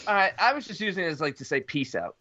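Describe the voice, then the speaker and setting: A man's voice: fairly high pitch, big pitch swings, quick pace, lo-fi sound, a crowd in the background. A man co-hosting a podcast, chatting in a laid-back way and often baffled by the banter. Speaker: podcast co-host. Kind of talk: casual chat.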